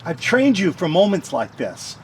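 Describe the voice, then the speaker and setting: A man's voice: high voice, wildly swooping pitch, normal speed, slight background noise. An actor playing a stern father who gives his son grave, commanding orders in a film drama. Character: stern, protective father facing danger.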